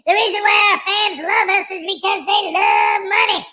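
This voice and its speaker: A man voicing a squeaky, boastful male auditor who brags about getting paid in a cocky, jive-talking way. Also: fairly even intonation, normal speed, bright, forceful tone, full character voice. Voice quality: squeaky high voice. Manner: cocky jive-talking bragging, yelps in pain.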